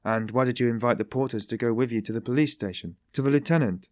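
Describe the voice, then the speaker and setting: A man's voice: medium pitch, fast talker, darkish tone, no room sound, studio quality, close to an everyday voice. A man voicing a sly, genial detective who teases in a mocking, ironic way. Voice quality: tittering, mocking.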